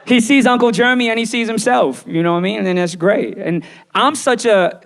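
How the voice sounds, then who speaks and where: A man doing live stand-up comedy for a small audience, playful and animated, often slipping into quoted voices. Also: high voice, brisk, creaky.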